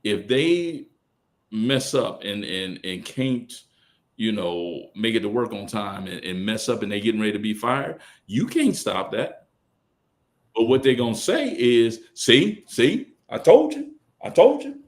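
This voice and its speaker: A middle-aged man speaking as a podcast guest, telling colloquial stories, acting out other people's lines, and swinging from loud bursts to hushed asides. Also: on the low side, animated, a little slow. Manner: colloquial, quotes others in character. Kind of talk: casual storytelling on a podcast.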